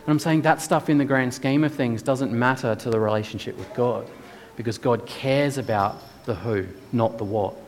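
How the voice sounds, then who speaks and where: A man's voice: mid-range voice, moderate pace. Aussie guy preaching a sermon, earnest, lots of rhetorical questions, church echo trailing off.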